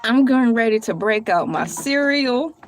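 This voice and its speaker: A woman's voice: a little high, lively intonation, normal speed, faint music behind. A woman vlogging on her own, reading aloud and joking with viewers in a playful, theatrical way, laughing often. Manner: colloquial, addresses viewers as y'all. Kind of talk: casual solo vlog, reading aloud and joking.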